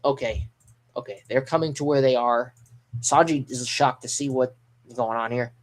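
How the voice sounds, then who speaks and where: An excitable man rambles through a live manga reaction, reading panels aloud and reacting as he scrolls. He swears mildly and corrects himself, in a mid-pitched voice. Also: moderate pace.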